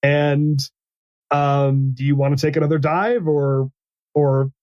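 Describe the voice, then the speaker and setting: Halting man narrating a tabletop game. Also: fairly high pitch, fairly even intonation, no echo, highs cut off. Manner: halting, full of restarts and fillers. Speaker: game master.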